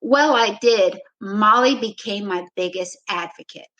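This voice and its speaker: A woman's voice: medium pitch, a little slow, poor audio. Woman coach telling a reflective story. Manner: relaxed, reflective storyteller who acts out her own past lines; frequent "you know" fillers. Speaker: basketball coach, podcast guest. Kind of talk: storytelling in a conversational interview.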